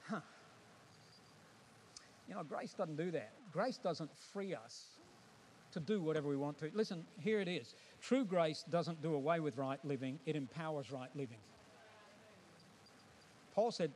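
A man with a high voice delivers a sermon with emphatic, dramatic delivery. He keeps slipping into the voices of his listeners, and a faint hum of ambience sits under him. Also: expressive, normal speed. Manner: emphatic, acts out the voices of listeners and biblical figures. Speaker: preacher.

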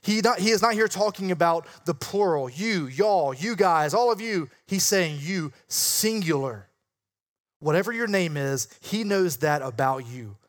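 A man's voice: sits high, animated, unhurried. A man leading an interactive Bible study, questioning the group and explaining points with emphasis.

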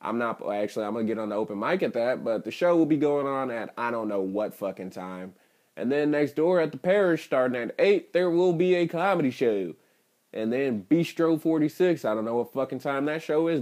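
A young man rambling and swearing through a solo podcast episode, cracking crude jokes and breaking into sudden loud outbursts. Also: mid-range voice, animated, fairly quick. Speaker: podcast host and stand-up comedian. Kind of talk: casual rambling monologue.

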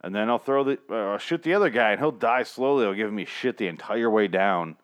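A man's voice: fairly low pitch, lively intonation, brisk, clean tone. A man co-hosting a casual movie-review podcast, swearing freely, rambling and laughing often. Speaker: podcast co-host.

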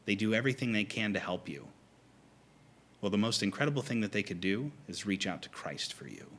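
A man preaching a conversational sermon to a congregation, animated and acting out quoted lines. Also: fairly low pitch, a little fast, slight background noise. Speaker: pastor.

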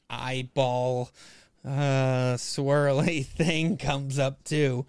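A man's voice: mid-range voice, no echo. A man chatting casually about a comic book on a podcast, rambling and profane, full of fillers. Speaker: podcast co-host.

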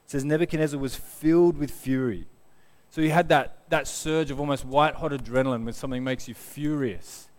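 Male preacher, mid-range voice, animated storyteller, long reverb behind him. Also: medium pitch, fairly quick. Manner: expressive storyteller who mocks the characters in his retelling. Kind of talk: sermon.

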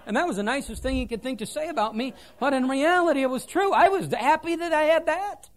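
A man preaching a sermon in church, telling stories with a self-deprecating, animated manner. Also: very high-pitched, fast, few pauses, slight background noise. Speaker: pastor.

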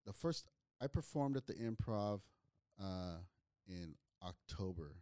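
A man's voice: low-pitched, lively intonation, slow pace, mellow, clear, resonant tone, no echo, studio quality. A man from Northern California, a comedian guest, telling stories in a blunt, direct way with casual cursing. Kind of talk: casual storytelling.

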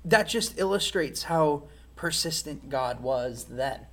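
Male interview guest, fairly high voice, candid and reflective personal testimony. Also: animated, slow, fairly bright tone. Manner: reflective, frank storytelling.

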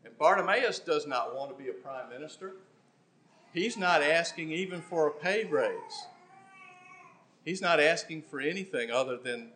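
Guy preaching a sermon in church, gets loud and fired up then drops real soft and quiet. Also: a little high, expressive, measured pace. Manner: impassioned, rising to emphatic bursts and dropping to quiet asides.

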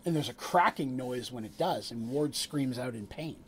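A man narrating a tabletop game as game master, telling the story with animated asides to the players. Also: mid-range voice, moderate pace, slight background noise.

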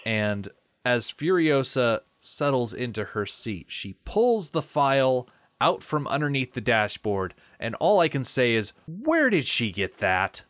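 A man co-hosting a podcast, chatting casually about a movie with wry, lively storytelling and tangents. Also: mid-range voice, unhurried, no echo, studio quality. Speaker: podcast co-host.

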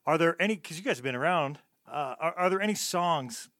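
A man's voice: a little high, expressive, fairly quick, a bit bright, dry recording, clean studio sound. A man hosting an interview, asking long, rambling questions in a friendly way. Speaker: podcast host. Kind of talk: casual interview chat.

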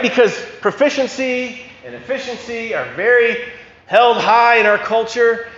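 A man's voice: high voice, fairly bright tone. A man giving a reflective, conversational talk and reading a fable aloud. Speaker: speaker. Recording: echoey hall, dull lo-fi sound.

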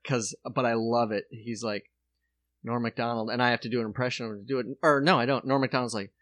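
A man's voice: medium pitch, steady tone, quick pace, fairly bright tone, dry recording. A man hosting a comedy podcast, rambling casually with lots of swearing and jokes. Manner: rambling, laid-back, swears freely, jokey. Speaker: podcast host.

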